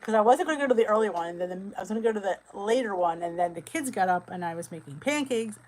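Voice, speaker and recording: A middle-aged woman from New Jersey hosting a casual live-stream chat, chatty and quick to laugh as she answers viewer comments. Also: mid-range voice, lively intonation, a little mellow, rough recording. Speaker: weight loss channel host.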